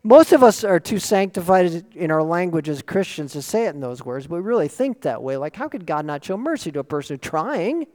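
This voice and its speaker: A man's voice: fairly high pitch, a little fast, hardly any pauses. Earnest male pastor preaching in a hall. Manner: earnest, lively, asks rhetorical questions. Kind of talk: sermon. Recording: long reverb of a large hall.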